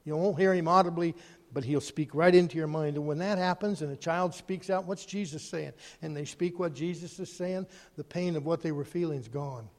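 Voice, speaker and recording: High-voiced preacher man in a reverberant hall. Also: a little fast. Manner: animated, swinging from loud emphasis to quiet asides. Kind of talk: sermon.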